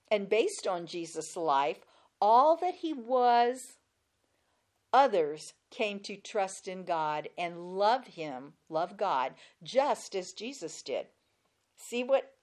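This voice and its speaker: Woman teaching scripture real slow, steady and emphatic, mid pitch. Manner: slow, deliberate, emphatic delivery. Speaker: Bible teacher. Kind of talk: Bible teaching.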